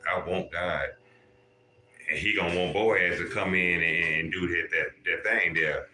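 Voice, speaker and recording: A man's voice: low-pitched, fairly even intonation, normal speed, pushed and bright, reverberant, slight background noise. A man hosting a livestream, lecturing his viewers in a profane, preachy way and calling out to people in the chat. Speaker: livestream host.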